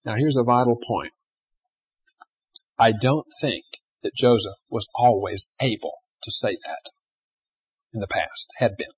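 Husky-voiced male preacher. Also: medium pitch, unhurried, pauses often. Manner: animated, swings between loud emphasis and hushed asides. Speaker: pastor. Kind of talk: sermon.

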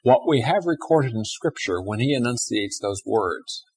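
Husky-voiced male preacher. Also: medium pitch, moderate pace. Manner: animated, swings between loud emphasis and hushed asides. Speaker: pastor. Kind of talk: sermon.

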